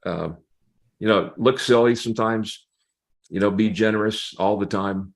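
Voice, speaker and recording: A man's voice: fairly low pitch, steady tone, moderate pace. An older man, a pastor and guest, telling humorous stories in a casual interview, laughing often and acting out what people said.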